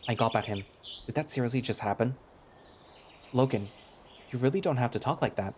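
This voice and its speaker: A man's voice: medium pitch, fairly quick, pauses often, a little mellow, a little hiss or hum. A man narrating a visual novel in the first person, in a casual, chatty way that turns hesitant in dialogue.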